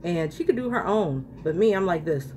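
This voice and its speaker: A woman's voice: on the low side, animated, moderate pace, dark tone, a little hiss or hum. A woman chatting to her viewers while doing a makeup tutorial, ranting casually about lashes and palettes. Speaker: beauty vlogger.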